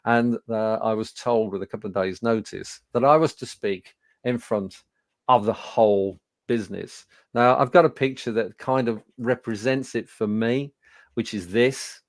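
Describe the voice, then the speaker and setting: A man in his sixties from England, giving a webinar talk as a presenter and telling personal stories in a conversational, animated way with fillers. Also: medium pitch, moderate pace, no room sound. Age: 60s. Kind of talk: storytelling presentation.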